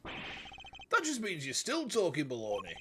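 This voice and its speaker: A man voicing a gruff, loyal male police detective while reading game dialogue aloud. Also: fairly high pitch, huge pitch swings, unhurried, noisy background. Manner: blunt, eager.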